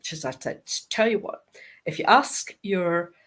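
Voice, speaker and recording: A middle-aged Scottish woman, a guest author in an interview, telling stories with lively acted-out quoted dialogue. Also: lowish voice, a little slow. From Scotland. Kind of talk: interview anecdote.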